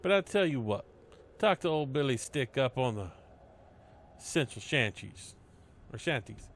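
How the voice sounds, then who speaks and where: A man's voice: mid-range voice, big pitch swings, unhurried, fairly bright tone, slight background noise. A man voicing a wry, streetwise male gatekeeper of a compound, with a slangy, sardonic manner.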